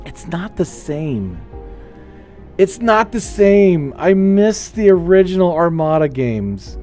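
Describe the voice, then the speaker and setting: A man chatting casually while streaming a space game, rambling and animated as he tells stories. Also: on the high side, creaky. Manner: rambling, animated storytelling with playful put-on voices. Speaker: gaming streamer. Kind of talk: casual gameplay chat.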